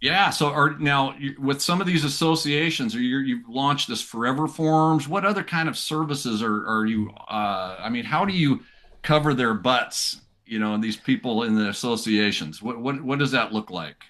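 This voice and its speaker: A man's voice: medium pitch, moderate pace, fairly bright tone. A man from the American Northwest hosting a casual podcast, friendly and teasing as he introduces and questions his guest. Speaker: podcast host.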